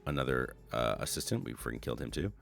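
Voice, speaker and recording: A man's voice: a bass voice, lively intonation, fast, vocal fry, a bit bright, faint music behind. A man streaming an old online game, reading its text aloud with wry, playful remarks. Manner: wry, playful, reads quotes in funny voices.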